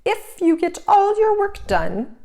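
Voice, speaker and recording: Lady doing a shrill sly stepmother, high and slow and haughty. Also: animated, lightly acted. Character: cold, sly stepmother, middle-aged woman.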